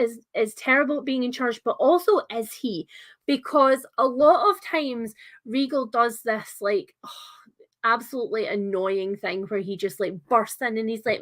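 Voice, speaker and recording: A woman's voice: on the high side, bright, forceful tone. A young woman hosting a livestreamed book club discussion, talking in a chatty, enthusiastic way with lots of filler words.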